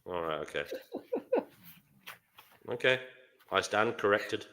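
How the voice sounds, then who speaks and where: A man hosting a live online panel discussion, chatting in a rambling way with quick asides. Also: on the low side, animated, bright, forceful tone. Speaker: host.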